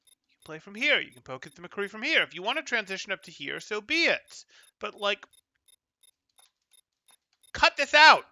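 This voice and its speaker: A man's voice: sits high, sing-song, a little fast, sharp tone, no room sound. A young man coaching over a gameplay review, critiquing in an exasperated, incredulous way. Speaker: game coach.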